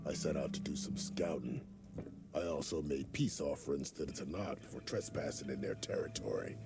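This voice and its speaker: An actor voicing a gruff, weathered male scout in a video game, with an extremely deep, gravelly voice and a measured, matter-of-fact delivery. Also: over music. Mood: steady.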